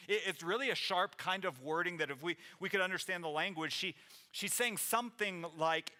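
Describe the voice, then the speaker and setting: A male pastor delivering a sermon in a church with an earnest, conversational manner, often circling back to restart a phrase. His voice is bright and ringing, sitting a little above the usual male pitch. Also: normal speed. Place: church sanctuary.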